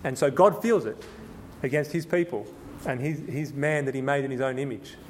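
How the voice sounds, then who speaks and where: A man preaching through a Bible passage, stumbling and restarting as he explains, then reading scripture slowly and with emphasis. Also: medium pitch, slight background noise. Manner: conversational, with frequent restarts and repetitions. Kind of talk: sermon, Bible exposition.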